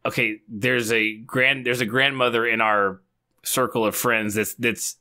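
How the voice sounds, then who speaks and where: A man's voice: medium pitch, steady tone, a little slow, pushed and bright. A man in his thirties co-hosting a podcast, chatting offhand and swearing casually. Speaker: podcast co-host. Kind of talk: casual chat.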